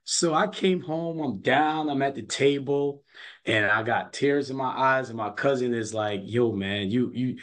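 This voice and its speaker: A man's voice: medium pitch, measured pace, a bit bright. A man who coaches basketball, telling stories in a casual interview, earnest and often repeating his words as he goes.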